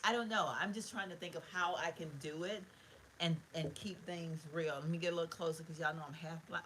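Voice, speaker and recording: Woman, middle-aged, bright tone, casual heartfelt bedroom live stream, slight room hiss. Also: lowish voice, fairly even intonation, a little fast, rough recording. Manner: heartfelt, rambling, talks to viewers as y'all. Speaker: vlogger. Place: bedroom at home.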